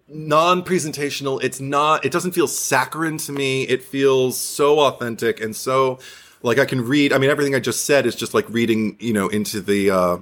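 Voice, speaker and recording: A man's voice: medium pitch, fairly bright tone. Chatty man rambling about a film. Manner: rambling, with many fillers and frequent laughs. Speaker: podcast co-host. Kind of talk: casual film discussion.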